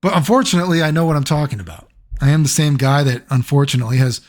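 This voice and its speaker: A man's voice: fairly high pitch, lively intonation, very fast. A man speaking as a gaming YouTuber in casual commentary, rambling and sarcastic, swearing freely.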